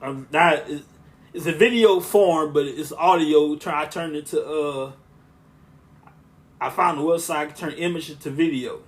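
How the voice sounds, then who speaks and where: Man with a smooth, monotone voice. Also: on the high side, moderate pace. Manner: rambling, with frequent restarts and asides. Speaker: podcast host and preacher. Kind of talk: casual podcast talk.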